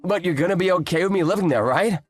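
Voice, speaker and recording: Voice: medium pitch, fast, husky, no room sound, studio quality, soft background music, lightly acted. A voice actor playing a defensive, pleading cheating husband in his late thirties. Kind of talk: voiced story drama.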